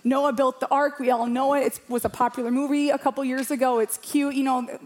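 High-voiced woman preaching with passion. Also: flat delivery, fairly quick. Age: around 40. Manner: passionate, emphatic, repeats phrases for rhythm. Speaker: pastor. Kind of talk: sermon. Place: church room with a congregation.

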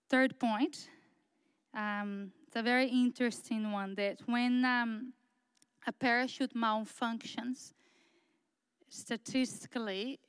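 A woman preaching a sermon in an earnest, halting way, repeating words and pausing on fillers as she builds her points. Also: fairly high pitch, clear, resonant tone, no room sound, low-quality recording. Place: church.

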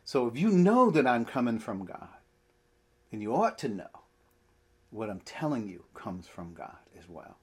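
A man's voice: mid-range voice, sing-song, measured pace, darkish tone, slightly rough, exaggerated voice. A man voicing an exasperated male teacher who presses his doubting followers with emphatic, ad-libbed questions. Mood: pleading.

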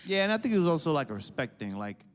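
A man's voice: a little high, big pitch swings, rapid-fire, in a large hall. A man telling funny family stories in casual chat, laughing often and swearing freely.

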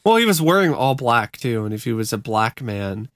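Man, podcast co-host, laid-back, casual, smooth voice. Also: mid-range voice, sing-song, normal speed, fairly bright tone, no room sound, clean studio sound. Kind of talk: casual chat.

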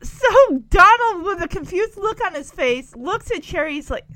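A woman's voice: extremely high pitch, expressive, normal speed, pushed and bright, no echo, low-quality recording. A woman casually commenting as she follows a story, chatty and giggly. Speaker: vlogger.

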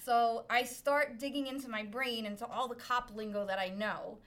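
Bright, laughing storyteller woman from Brooklyn. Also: fairly high pitch, moderate pace. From Brooklyn, New York. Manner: laughs often, animated and self-mocking. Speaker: podcast guest. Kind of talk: casual storytelling.

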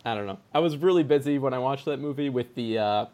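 A man hosting a casual movie podcast, relaxed and quick to laugh. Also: medium pitch. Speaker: podcast host. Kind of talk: casual chat about movies.

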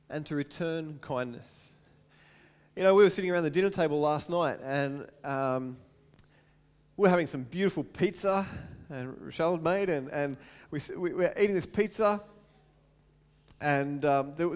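A man in his thirties preaching a sermon to his church, animated and repeating words for emphasis. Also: high-pitched. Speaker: pastor. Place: church hall.

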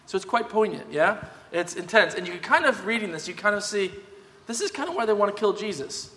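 A man's voice: high voice, a little fast, a bit bright. Emphatic male preacher in a reverberant hall. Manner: conversational, emphatic, tag questions. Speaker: pastor. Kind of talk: sermon.

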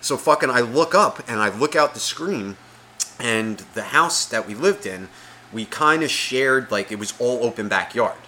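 Guy on a podcast telling a wild story, cussing nonstop, bright punchy voice. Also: mid-range voice, moderate pace, slight background noise. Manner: profane, animated storyteller acting out voices. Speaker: podcast co-host. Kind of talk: casual storytelling chat.

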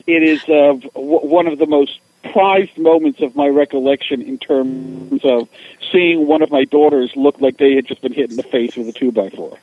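A man's voice: fairly high pitch, moderate pace, low-quality recording. A middle-aged man telling funny stories as a guest, acting out other people's voices as he goes. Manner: animated, acts out voices in anecdotes. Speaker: guest, author. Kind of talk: casual storytelling.

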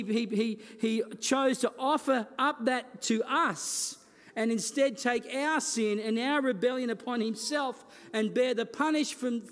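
A man preaching a sermon as a pastor, earnest and building his points through repeated phrases. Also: very high-pitched. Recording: long reverb of a large hall.

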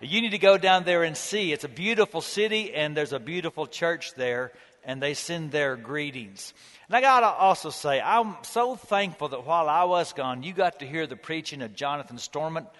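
A male pastor preaching a sermon, animated and emphatic, with dry humor. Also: on the high side, normal speed, long reverb tail. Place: church auditorium.

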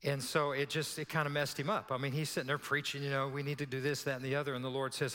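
Storytelling pastor in a reverberant hall. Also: male voice, medium pitch, flat delivery, fast, few pauses, bright, forceful tone. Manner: conversational, laughing asides, acts out quoted voices. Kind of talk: sermon storytelling. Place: church sanctuary. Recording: long church hall reverb.

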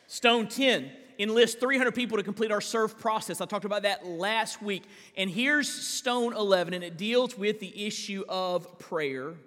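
A male pastor preaching a live sermon in a church, emphatic, with big swings in pitch and drawn-out stressed words. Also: sharp tone, big-room sound. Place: large church sanctuary.

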